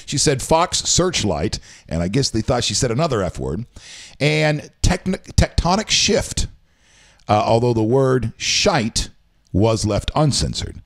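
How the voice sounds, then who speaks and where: A man's voice: mid-range voice, sing-song, measured pace. Rambling male talk show host. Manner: rambling, reads news aloud with asides. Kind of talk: casual talk show chat. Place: home.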